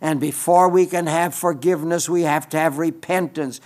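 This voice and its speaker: A man's voice: on the high side, fairly even intonation, normal speed, a little mellow. A man preaching a sermon in an earnest way, often repeating phrases for emphasis.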